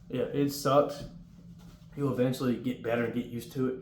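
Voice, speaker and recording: A young man giving casual, rambling advice about basic training and acting out the drill yelling now and then. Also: medium pitch, steady tone, normal speed. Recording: roomy with faint room noise.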